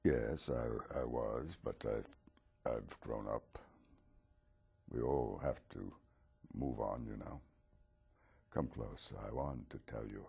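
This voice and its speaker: A man voicing Dracula as a mild, wistful aging vampire talk-show host, speaking slowly and haltingly. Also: a bass voice, mellow, full character voice. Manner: slow, halting, gravelly and husky.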